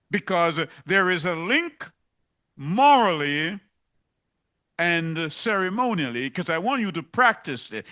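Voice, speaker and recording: A man's voice: sits high, pushed and bright. A man preaching a sermon, emphatic and driving points home by repeating them.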